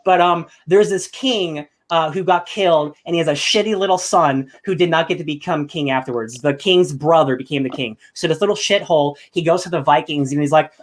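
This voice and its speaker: A young man hosting a podcast, chatting casually in an excitable, rambling way with bursts of loud enthusiasm. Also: fairly high pitch, a little fast. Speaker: podcast host. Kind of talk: casual chat.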